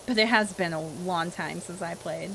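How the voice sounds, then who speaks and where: A woman's voice: fairly low pitch, moderate pace, gravelly, a bit bright, slight background noise. A young woman streamer and voice actor in casual livestream chat, answering chat and acting out characters as she plays.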